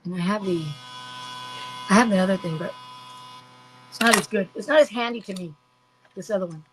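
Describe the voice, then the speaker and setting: A woman's voice: medium pitch, fairly quick, background noise. An older woman chatting casually while crafting on a livestream at home, rambling and greeting viewers by name.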